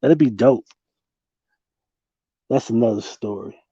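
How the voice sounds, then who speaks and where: Young man, relaxed livestream host; mellow tone, dry slightly muffled desk mic, easy laughing delivery. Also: medium pitch, slow, husky, no echo. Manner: loose, laughing, slangy, talks to chat. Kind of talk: casual late-night livestream chat.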